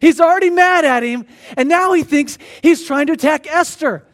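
A man with a high-pitched voice preaches a sermon, acting out the scripture story with lively energy. When he reads the passages aloud, he slows down and grows quieter. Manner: animated storyteller who acts out the characters.

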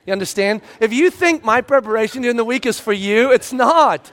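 A man preaching a sermon as a pastor, telling a story expressively and moving between loud emphasis and hushed, quiet tones. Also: very high-pitched, lively intonation, a little fast.

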